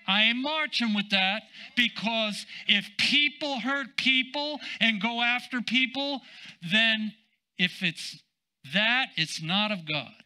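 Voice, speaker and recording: An older man, a senior pastor, preaching a sermon in an emphatic, drawn-out way with casual asides. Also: extremely high pitch, sharp tone, smooth, low-quality recording.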